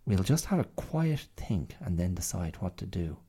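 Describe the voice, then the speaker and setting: A man's voice: low voice, big pitch swings, moderate pace, warm tone, breathy edge, heavily acted. A man voicing a proud, fussy little male bear in a storybook reading, speaking in a prim, matter-of-fact way.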